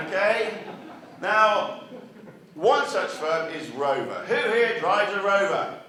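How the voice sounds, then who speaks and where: A man's voice: high voice, expressive, takes it slowly, noisy background. Man giving a speech in an echoey hall. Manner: chatty, asks the audience rhetorical questions. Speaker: marketing speaker. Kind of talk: conference speech to an audience. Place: meeting hall with a live audience. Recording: echoey hall, mic far off.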